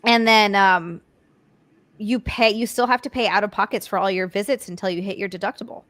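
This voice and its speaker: A woman's voice: mid-range voice, brisk, a bit bright, no echo. A young woman hosting a casual live stream, giggly and chatty, thanking viewers and swearing offhand. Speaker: streamer host.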